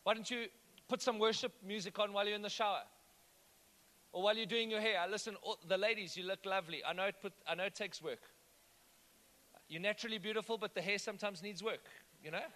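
Bright high-voiced preacher. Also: male voice, fast talker. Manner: conversational, asks the congregation questions. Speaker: pastor. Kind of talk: sermon.

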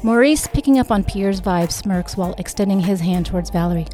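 A woman reads her own novel aloud in a mellow, warm voice. She voices each character close to her natural voice, lifting slightly for the dialogue, with soft music playing underneath. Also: mid-range voice, a little fast, few pauses. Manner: reads every character in a near-natural voice with small lifts for dialogue. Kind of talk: audiobook read-aloud narration.

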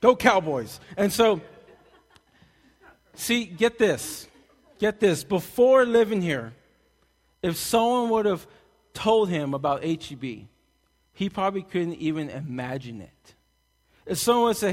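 A man from Texas preaching a sermon, telling jokes and stories with big swings between loud and soft. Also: sits high, unhurried, long pauses. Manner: animated, joking storyteller who swings loud and soft. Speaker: pastor. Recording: long hall reverb.

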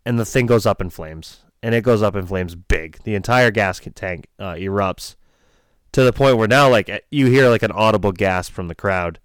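A man's voice: on the low side, normal speed, clear, resonant tone, dry recording, studio quality. A man casually retelling a race-day crash story, rambling and swearing freely. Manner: rambling, profane, animated retelling. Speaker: race crew member telling a story. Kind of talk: casual storytelling podcast chat.

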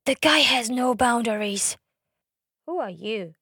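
Brash young woman comic, fairly high voice, dry close mic. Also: animated, measured pace, fairly bright tone, dry recording. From Brazil. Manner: brash, sardonic, swears freely. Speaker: comedian. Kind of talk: comic storytelling monologue.

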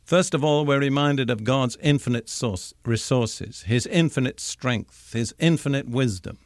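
An older man teaching from the Bible in a measured, emphatic sermon, slowing down to stress key words. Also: medium pitch, dry recording, clean studio sound. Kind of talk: recorded radio sermon.

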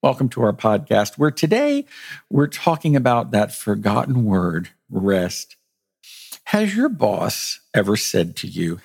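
A middle-aged man, a pastor delivering a podcast sermon in a gentle storytelling manner. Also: a little slow, vocal fry, breathy edge. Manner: gentle storytelling with lively rises in pitch.

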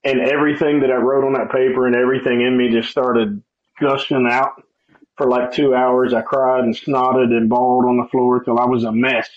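A middle-aged man tells his story in a relaxed, talkative way, slipping into other people's voices as he quotes them and laughing along. His voice sits at an ordinary middle pitch. The recording sounds a little dull and lo-fi. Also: normal speed. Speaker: guest sharing testimony. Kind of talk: conversational testimony.

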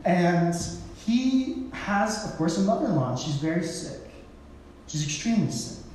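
Recorded from far off in an echoey hall with slight hiss or hum, a pastor preaches at normal speed in a high, darkish, very animated voice. He tells stories casually and acts out quoted people in playful voices.

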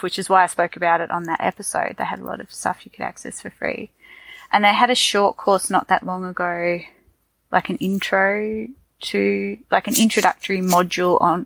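A woman with an Australian accent talks in a loose, rambling podcast chat, full of fillers and restarts. Her voice has a gravelly edge. The sound is close and dry. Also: on the low side, fairly bright tone, dry recording, poor audio. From Australia, Tasmania. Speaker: podcast co-host. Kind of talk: casual chat.

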